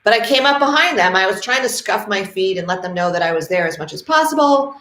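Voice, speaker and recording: A middle-aged woman from New England, talking to camera as a dog trainer, telling stories with passion and quick acted-out quotes. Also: mid-range voice, animated, fairly bright tone, a little hiss or hum. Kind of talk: casual talk to camera. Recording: roomy echo.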